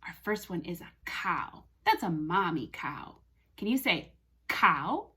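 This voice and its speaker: Slow, sing-song woman reading to toddlers. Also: fairly low pitch, very animated, bright, forceful tone, breathy edge. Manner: sing-song, exaggerated and slow, with animal sounds and drops to a whisper. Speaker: speech language pathologist. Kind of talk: reading a picture book aloud to young children.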